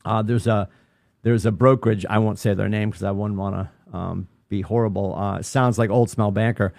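A middle-aged man co-hosting a podcast in casual chat, rambling and animated with lots of restarts. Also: fairly low pitch, normal speed, creaky, dry recording, clean studio sound. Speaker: podcast co-host.

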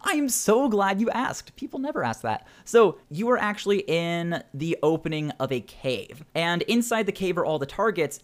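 A man narrating a tabletop role-playing game as game master, animated and quick to laugh. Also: on the high side.

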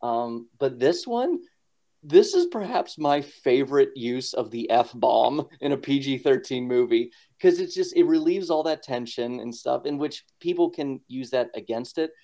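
A man's voice: medium pitch, animated, a little slow, dark tone. A man co-hosting a podcast in casual chat, rambling with lots of fillers and frequent laughs. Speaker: podcast co-host. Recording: dull lo-fi podcast audio.

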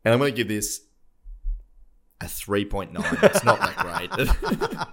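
A man's voice: mid-range voice, sing-song, slow, vocal fry, crowd noise. A young man, co-hosting a podcast in casual, self-deprecating chat. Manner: self-deprecating, rambling with restarts. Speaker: podcast co-host.

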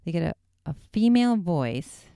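A woman with a low, smooth voice chats through a ghost-hunting story, peppering it with "like" and acting out the lines. The sound is dry and close, with no room around it. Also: big pitch swings, normal speed, dark tone, dry recording. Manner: chatty, many "like" fillers, acts out quotes. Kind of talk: casual retelling of a ghost-hunting episode.

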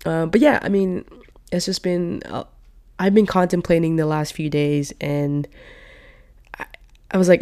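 Her voice sits low and mellow with fairly even intonation, a measured pace and frequent pauses. A woman in her twenties, still slightly sick, hosts a casual solo podcast on a podcast mic, rambling and filling gaps with "like" and "you know."

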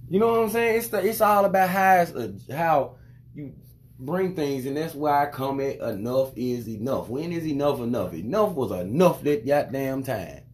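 Profane, animated storytelling dad. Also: male voice, mid-range voice, moderate pace, a little hiss or hum. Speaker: father. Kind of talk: casual storytelling monologue.

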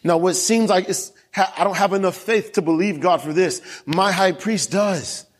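Young guy preaching in a church, kinda high voice, long hall echo, tells stories. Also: moderate pace. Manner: storytelling preacher, asks the crowd questions. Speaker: pastor. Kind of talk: sermon.

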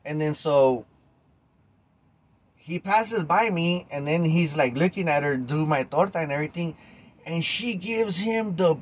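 A man with a fairly high speaking voice tells a story on his podcast. He talks right at his listeners in a casual, animated monologue and swears freely. His delivery is loose and conversational. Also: unhurried. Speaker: podcast host.

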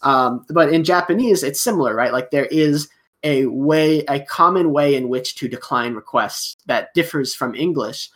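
A man's voice: on the high side, moderate pace, a bit bright. An American man, a podcast guest, talking casually and explaining things, acting out small everyday dialogues with plenty of fillers. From United States. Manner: explanatory, acts out little dialogues, many fillers. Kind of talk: casual chat.

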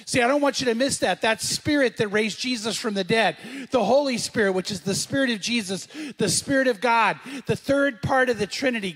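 A middle-aged man delivers a sermon in a conversational way, asking the congregation questions and repeating phrases for emphasis. His voice sits high for a man. The sound carries a long reverb, like a large church. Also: fairly bright tone. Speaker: pastor.

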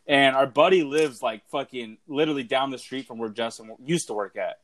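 Laid-back, swearing young podcast host. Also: male voice, mid-range voice, fairly quick, a bit bright. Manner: loose, profane storytelling. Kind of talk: casual podcast chat.

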